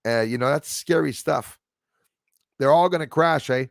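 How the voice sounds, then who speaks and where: This livestream host has a fairly high, creaky voice and an unhurried pace, recorded dry at studio quality. He chats casually with viewers by name while reading chat, often stumbling as he speaks.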